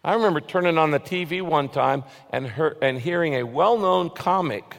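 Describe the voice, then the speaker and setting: A man preaching a sermon as a pastor, with earnest emphasis, often dropping to a soft, low voice. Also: normal speed, gravelly, in a large hall.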